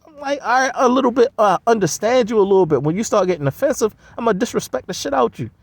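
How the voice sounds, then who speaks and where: A man's voice: very high-pitched, lively intonation, quick pace, no room sound. A man delivering a blunt, heavily profane, scoffing solo rant. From United States.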